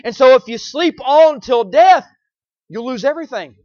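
High-voiced pleading preacher. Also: male voice, animated, normal speed, dry recording, dull audio. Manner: emphatic, repeats phrases, swings from loud pleading cries to low quiet lines. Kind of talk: sermon.

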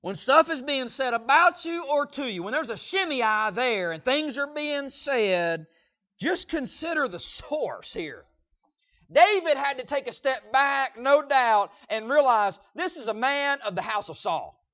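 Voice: sits high, animated, a little slow, sharp tone, dull audio. A preacher giving a sermon, emphatic and repetitive, with lots of fillers and asides asking the congregation to agree.

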